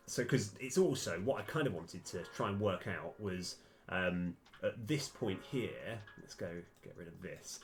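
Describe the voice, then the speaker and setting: A man live-streaming a game, thinking aloud with lots of fillers and sudden bursts of excitement. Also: deep voice. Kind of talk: live-stream commentary while playing and mapping a game.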